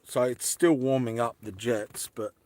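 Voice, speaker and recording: An Australian man livestreams from inside his van, rambling casually, greeting viewers as they join and answering chat aloud. His medium-pitched voice is unhurried and darkish, with fairly even intonation.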